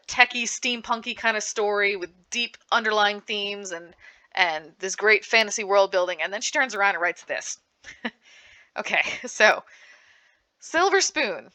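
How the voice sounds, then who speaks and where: A woman gives an upbeat panel talk recommending comics and manga. Her voice is bright and forward. She talks in a lively, animated way, often restarting her sentences. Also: medium pitch. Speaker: librarian giving a book panel. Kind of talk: enthusiastic book recommendation talk.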